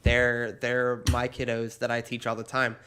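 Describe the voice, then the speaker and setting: A man co-hosting a comedy podcast in casual chat, animated and laughing often mid-sentence as he tells playful stories. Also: medium pitch, moderate pace, clean tone. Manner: playful storytelling. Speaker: podcast co-host.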